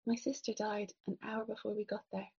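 A woman reading the lines of a friendly middle-aged man, a fellow plane passenger, in a gentle, wry conversational way. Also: mid-range voice, level tone, fairly quick, gravelly, slightly rough, dull audio. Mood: subdued.

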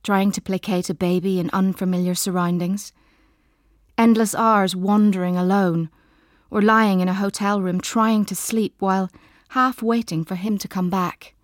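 A woman narrating a literary audiobook in a slow, measured, intimate and soft way. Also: mid-range voice, steady tone, dry recording, clean studio sound.

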